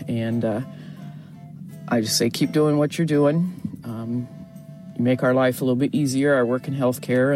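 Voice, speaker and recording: A man's voice: mid-range voice, a little mellow. A man from Ohio in his forties leaving a rambling, friendly message for a radio show, full of ums. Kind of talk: phoned-in voicemail.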